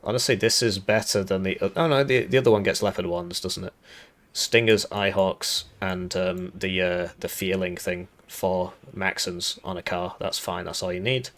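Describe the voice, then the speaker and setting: Raspy-voiced man rambling through game commentary. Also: sits low, fairly even intonation, normal speed, fairly bright tone. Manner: rambling, thinks aloud with fillers and restarts. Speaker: gaming YouTuber reviewing a devblog.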